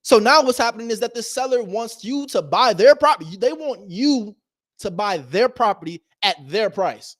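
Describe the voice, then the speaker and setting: A man giving a casual motivational talk as a host, animated and slangy, swinging between loud emphasis and low asides. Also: moderate pace, dry recording, studio quality. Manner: slangy and direct, addresses viewers as bro. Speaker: real estate investor and video host.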